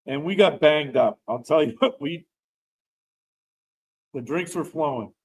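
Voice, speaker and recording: A man's voice: on the high side, unhurried, poor audio. Middle-aged man telling a story. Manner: rambling, animated storyteller who laughs while talking. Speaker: veteran guest telling a personal story. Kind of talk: casual storytelling.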